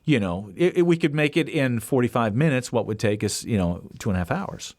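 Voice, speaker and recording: A man hosts a podcast and tells a casual story with animated swings of pitch, acting out the people he quotes. His voice sits mid-range for a man. The sound is dry and close, with no room echo. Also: a little fast. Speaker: podcast host.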